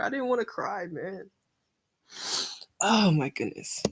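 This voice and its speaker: A woman's voice: mid-range voice, big pitch swings, slow, pauses often, slightly rough. A woman giving casual reaction commentary on a comic chapter, emotional, exclaiming and sighing as she talks.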